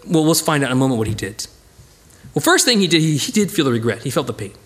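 A man leads a casual Bible study. His fairly high voice swoops up and down as he acts out the people in the story. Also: quick pace. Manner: animated, acts out voices of the characters.

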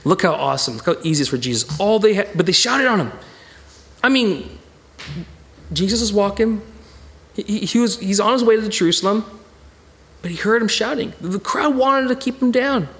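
A man teaching a Bible study in an animated way, acting out the people in the story and often stammering and repeating words. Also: high-pitched, moderate pace, long pauses.

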